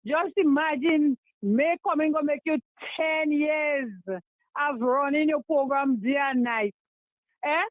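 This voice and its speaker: A woman's voice: sits high, slow, dry recording, narrow, tinny audio. A woman caller phoning a radio host, speaking in thick creole phrasing and teasing him. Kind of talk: phone call to a radio show.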